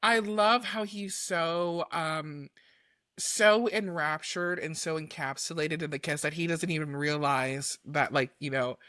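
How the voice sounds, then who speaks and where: A woman co-hosting a podcast in casual chat, animated and laughing, jumping high when she acts out quotes. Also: unhurried, no echo, studio quality. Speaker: podcast co-host.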